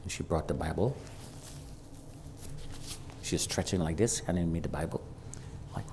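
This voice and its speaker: A man's voice: moderate pace, long pauses, background noise. A man preaching a personal testimony in church, telling the story dramatically and acting out the voices of the people in it. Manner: dramatic storytelling, shifts from loud and high to low and quiet; acts out quoted voices. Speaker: guest preacher. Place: church sanctuary.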